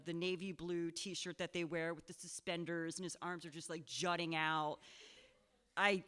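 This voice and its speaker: A woman's voice: mid-range voice, fairly bright tone. Chatty woman telling a live story. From Pennsylvania. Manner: chatty, self-deprecating, laughing often, full of "like" and "um". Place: live show in a cultural center.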